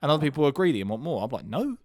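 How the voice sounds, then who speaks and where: A man's voice: mid-range voice, lively intonation, dry recording, clean studio sound. A man co-hosting a casual podcast, giving self-mocking opinions. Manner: quick, self-deprecating opinions. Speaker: podcast co-host. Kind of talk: casual chat.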